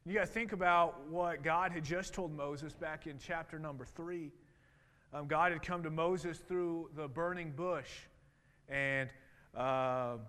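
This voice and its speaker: A man's voice: a little high, fairly bright tone. A man in his thirties preaching a sermon in a conversational way, with lots of restarts. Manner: conversational, with many fillers and restarts. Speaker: pastor. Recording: long reverb in a hall.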